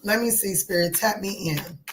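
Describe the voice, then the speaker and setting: A woman giving a casual tarot reading, talking in a chatty, animated way, swearing and joking with her viewers. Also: medium pitch, normal speed, slight background noise. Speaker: tarot reader.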